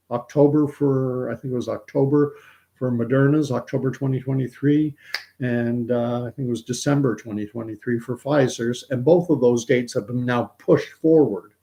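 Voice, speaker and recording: A man's voice: mid-range voice, steady tone, normal speed, vocal fry, mellow. A middle-aged man from Canada, hosting casual commentary in a rambling way with many restarts and repeated words. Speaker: host.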